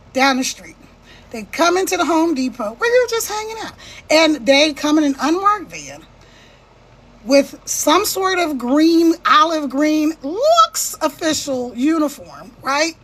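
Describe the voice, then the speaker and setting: A woman's voice: sits high, fairly bright tone. A woman giving an impassioned monologue, checking in with her listeners again and again. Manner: passionate, repeats "right?" to check in with listeners.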